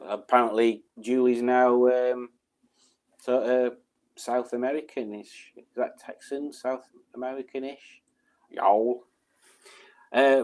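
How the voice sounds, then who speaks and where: A man chatting casually on a live stream, reading out viewers' messages, rambling with ums and chuckles. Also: mid-range voice.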